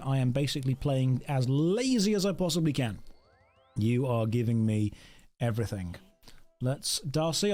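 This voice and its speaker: A man streaming a game talks casually and jokes around, speaking to his dog and to his chat. His voice is fairly high, with a darkish tone.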